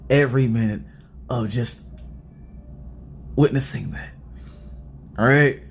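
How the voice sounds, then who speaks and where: A young man giving a casual movie review in an animated, rambling and joking way. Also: mid-range voice, unhurried, long pauses, slight background noise.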